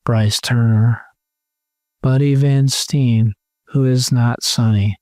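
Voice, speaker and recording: Man, podcast co-host, unhurried, jokey, dry close mic. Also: medium pitch, steady tone, mellow, dry recording. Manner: jokey, reads name lists with playful asides. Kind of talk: casual podcast chat.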